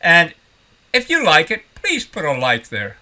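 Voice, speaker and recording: A retired older man rambling in a folksy, animated way as he talks to his vlog audience. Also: on the high side, a little slow. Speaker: vlogger. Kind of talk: casual vlog talk.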